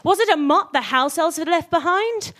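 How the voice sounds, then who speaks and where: A woman's voice: extremely high pitch, expressive, normal speed, fairly bright tone. A woman doing a comic, giggly reading of a parody story. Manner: giggly, playful. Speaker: reader.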